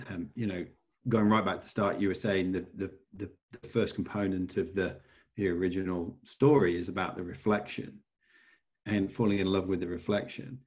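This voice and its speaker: A man's voice: low-pitched, a little mellow. A man interviewing a guest, thinking aloud in a hesitant, rambling way with many fillers. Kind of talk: casual interview conversation.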